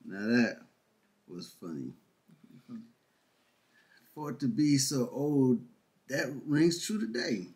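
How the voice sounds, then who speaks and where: A man's voice: medium pitch, sing-song, slow pace, pauses often, darkish tone. A man casually chatting and laughing as he reacts to a comedy clip. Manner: laid-back, laughing. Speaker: reaction video host.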